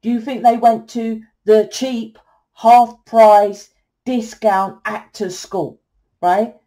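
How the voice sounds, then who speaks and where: A woman's voice: fairly high pitch, fairly even intonation, slow pace, dark tone. A middle-aged woman, giving a blunt, salesy tarot reading and swearing freely. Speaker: tarot reader and spiritual coach. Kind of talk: casual tarot reading monologue.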